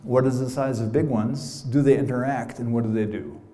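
A man's voice: medium pitch, fairly even intonation, normal speed, warm tone. Conversational American man lecturing in a roomy hall. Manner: conversational, many "you know" asides, playful. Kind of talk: academic lecture.

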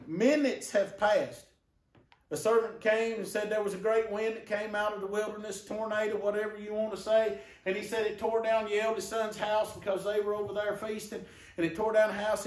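High-voiced preacher in an echoing church. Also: male voice, distant mic. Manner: rhetorical questions to the congregation. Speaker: pastor. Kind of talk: sermon. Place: church sanctuary.

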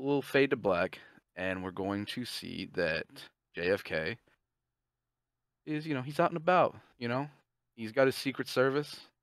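A man co-hosting a podcast, casually pitching a movie plot in a rambling, profane way and briefly voicing the characters. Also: no room sound. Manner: profane, rambling, acts out characters' lines in quick asides. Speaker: podcast co-host.

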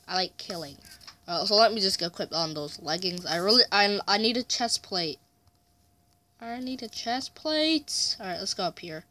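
A man narrating his gameplay in a bright, forceful voice. He chats along, mutters and swears mildly when things go wrong, and taunts opponents with yelled challenges. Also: sits high. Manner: mutters frustration, mild swearing. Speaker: gamer. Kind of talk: let's play commentary.

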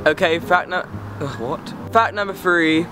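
A man's voice: on the high side, a little slow, noisy background. A teenage boy from England, chatting to camera outdoors in a sarcastic, rambling, easily distracted way. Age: teens. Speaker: vlogger. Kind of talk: casual chat to camera.

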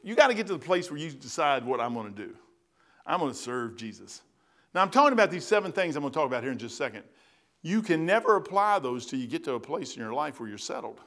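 A man's voice: fairly high pitch, big pitch swings, quick pace, fairly bright tone. A man preaching a sermon in a church as its pastor, telling stories in a folksy, plain-spoken way with bursts of emphasis. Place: church sanctuary.

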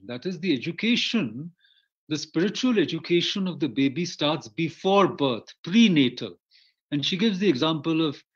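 A man with an Indian English accent gives a storytelling lecture over a video call, rambling with many fillers and restarts. His voice sits a little high for a man. The audio is muffled and lo-fi. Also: slightly rough.

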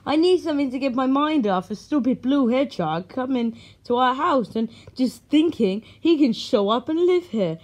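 A fretful cartoon plumber who stammers and frets out loud in a homemade toy skit, put on by a woman. His voice sits fairly high, with a nervous, rushed edge, as though everything is falling apart. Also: animated. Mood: grumbling. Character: Mario, jittery cartoonish male plumber.

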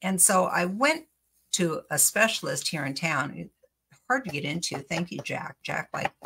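A woman's voice: fairly low pitch, animated, measured pace, gravelly, noisy background. A middle-aged woman hosting a crafting video, chatting in a rambling, storytelling way with frequent laughs. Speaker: crafting channel host. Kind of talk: casual chat while crafting.

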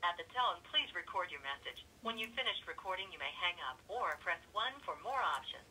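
A woman's voice: fairly low pitch, fairly quick, recorded from a distance, noisy background. A woman's recorded voicemail greeting playing back over a phone. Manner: flat recorded prompts. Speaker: automated voicemail system. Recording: thin speaker audio from a phone.

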